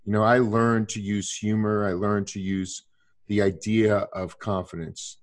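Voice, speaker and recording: A man's voice: fairly low pitch, flat delivery, measured pace. A man in his sixties in casual conversation, rambling with many restarts and fillers.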